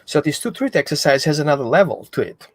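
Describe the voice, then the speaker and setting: A man explaining dog training in an animated way, acting out what the dog thinks. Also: on the high side, fast talker, dry recording. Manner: animated, acts out the dog's thoughts. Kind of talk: explanatory talk.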